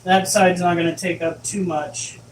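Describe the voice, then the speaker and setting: A man's voice: high-pitched, little pitch movement, moderate pace, a little hiss or hum. A man chatting casually on a live stream while he cleans pet enclosures, playfully cooing at his animals in baby talk. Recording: roomy room echo.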